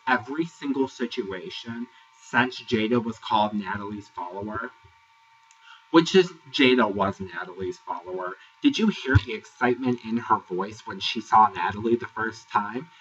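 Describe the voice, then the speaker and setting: A man giving a sassy, exasperated casual review, ranting and sometimes mocking people in high put-on voices. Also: animated, moderate pace, fairly bright tone, breathy edge, distant mic. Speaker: reality TV reviewer. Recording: dull, lo-fi, voice set back from the mic.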